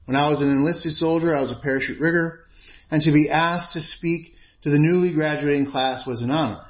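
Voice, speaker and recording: A man preaching a sermon in an earnest, measured, emphatic way. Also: on the high side, dull audio.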